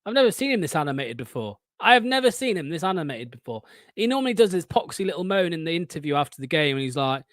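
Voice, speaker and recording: A man, hosting a fan watchalong stream and giving excitable, sweary live match commentary. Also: fairly high pitch, fast talker, no room sound.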